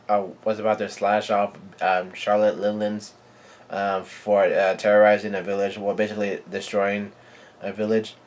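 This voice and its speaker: A man giving a live reading and reaction to a comic chapter, in a halting, stumbling way full of restarts. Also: on the low side. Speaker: manga reader and reactor.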